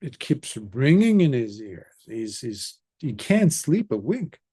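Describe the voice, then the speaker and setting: A Buddhist monk narrating an old tale in a relaxed, conversational dharma talk. His voice is mellow and unhurried, with lots of rise and fall. He breaks in with chatty asides. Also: medium pitch, breathy edge. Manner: animated, conversational storytelling with asides.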